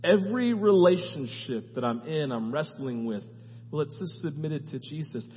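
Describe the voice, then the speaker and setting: A man with a high voice preaching a sermon, stacking long repeated lists and checking in with "right?". His voice rings with a long hall reverb and sounds dull and muffled. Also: expressive, moderate pace, slight background noise. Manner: emphatic, repeats lists, tags phrases with "right?". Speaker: pastor.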